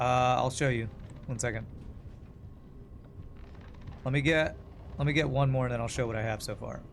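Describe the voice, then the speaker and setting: A man's voice: mid-range voice, slight background noise. Man thinking aloud while gaming. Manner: muttering to himself, thinking aloud. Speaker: streamer playing a puzzle game. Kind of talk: casual gameplay commentary.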